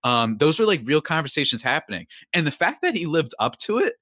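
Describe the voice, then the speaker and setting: A man's voice: on the high side, fairly quick, no echo, studio quality. A young man hosting a podcast, chatting casually and rambling with lots of restarts and asides. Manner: rambling, animated, self-interrupting. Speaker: podcast host. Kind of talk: casual sports talk.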